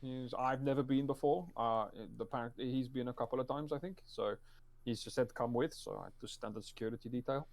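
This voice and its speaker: A man's voice: mid-range voice, fairly even intonation, brisk. A man playing a tabletop spy game, hesitant and full of stammered restarts. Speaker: player.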